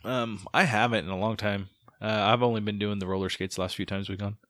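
A man's voice: fairly low pitch, steady tone, fast talker, a bit bright, no echo, clean studio sound. A man in his thirties, co-hosting a casual podcast chat and rambling with many stammered restarts. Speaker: podcast co-host.

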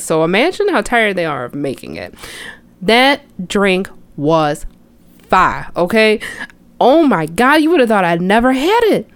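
A young woman hosting a podcast, talking sports in an animated, chatty way. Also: mid-range voice, normal speed, no room sound. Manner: animated, chatty, exclaims often. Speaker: podcast host. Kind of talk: casual sports chat. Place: city outside Chicago.

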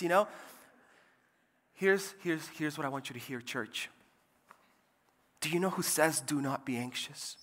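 A man preaching a lively, jokey sermon from a church pulpit, his bright voice carrying a long hall echo. He swings between loud, emphatic points and soft, quiet asides. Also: fairly high pitch, normal speed, long pauses. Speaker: pastor.

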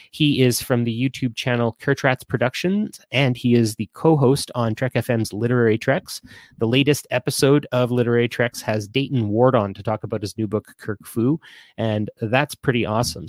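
A man's voice: mid-range voice, moderate pace, no room sound. Rambly male host, dry sound. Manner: rambling, frequent fillers and restarts. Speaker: live show host. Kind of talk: casual live-stream chat.

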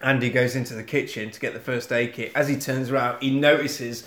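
A man co-hosting a podcast, recapping a film in casual chat as an animated storyteller who swears freely. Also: mid-range voice, a little fast. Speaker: podcast co-host. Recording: echoey room.

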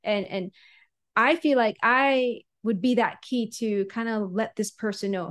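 A young woman ring announcer chatting casually, animated and quick to laugh, with frequent restarts. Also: a little high. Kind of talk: casual conversation.

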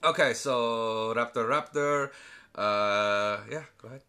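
A man's voice: medium pitch, slow, bright, forceful tone. A young man co-hosting a casual movie chat, loose and profane, often dropping into mock voices. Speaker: podcast co-host.

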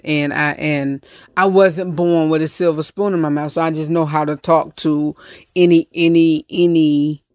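A man's voice: on the high side, dry recording, studio quality. A man with a Southern US accent hosting a casual talk segment, speaking bluntly and rambling with many restarts. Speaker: host.

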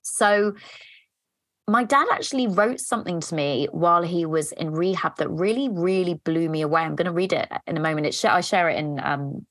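A woman's voice: fairly low pitch, normal speed, a bit bright, dry recording. An English woman in her thirties hosting a podcast, talking frankly and confessionally with casual swearing and plenty of fillers. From England. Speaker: podcast host. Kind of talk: candid personal podcast monologue.

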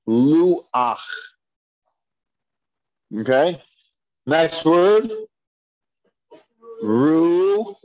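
A man's voice: mid-range voice, animated, unhurried, darkish tone. Patient man teaching Hebrew reading. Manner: patient, repeats and drills pronunciations. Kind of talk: classroom reading lesson. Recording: dull lo-fi classroom recording.

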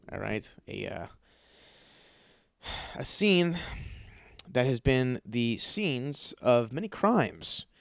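A man hosting a podcast from his apartment, ranting with constant swearing, stuttering and repeated words, jumping between yelling and mumbling. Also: mid-range voice, vocal fry, no room sound, clean studio sound. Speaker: podcast host. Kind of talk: profane ranting monologue. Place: his apartment, in a dark room. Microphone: studio microphone.

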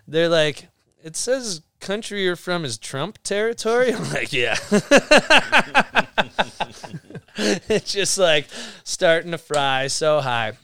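A man's voice: a little high, sing-song, slow pace, sharp tone, clean tone, no echo. A young man, a podcast guest, telling rambling stories in casual chat, swearing a lot and laughing as he goes. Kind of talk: casual storytelling.

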